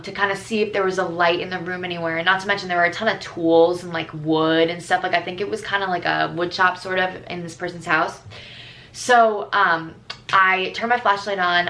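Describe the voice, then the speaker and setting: A teenage girl vlogging, telling stories casually with lots of fillers and lively retellings. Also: fairly low pitch. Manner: chatty, filler-heavy, animated retellings. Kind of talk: casual storytelling.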